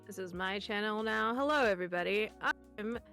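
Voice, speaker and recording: Woman, guest streamer, giggly and goofy, gravelly fry, faint background music. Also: medium pitch, fairly quick, fairly bright tone. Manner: playful and giggly, with frequent laughs and goofy noises. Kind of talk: casual stream chat.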